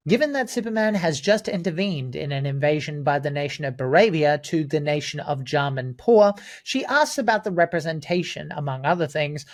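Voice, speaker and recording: A man giving scripted film commentary as a video essayist, earnest and enthusiastic. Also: a little high.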